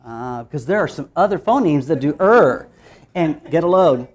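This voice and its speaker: A woman presenting a phonics teaching workshop, playful and animated, acting out letter sounds and laughing as she goes. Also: low voice, normal speed.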